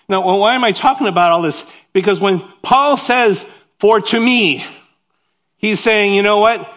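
A male pastor with a higher voice delivers a sermon at a moderate pace. His preaching is animated and conversational, with asides to the congregation.

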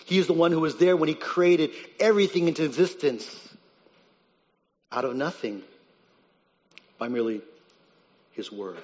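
A man preaching a sermon as pastor, earnest and emphatic, rising on key points and dropping low and quiet on others. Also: moderate pace, long pauses, in a large hall, lo-fi sound.

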